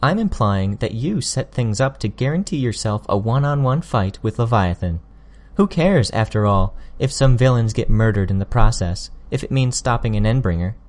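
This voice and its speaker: A man reading an audiobook, voicing a sly, smug young woman who needles her opponents with quick, pointed jabs. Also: on the low side, expressive, darkish tone, voice pushed up, lightly acted. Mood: taunting.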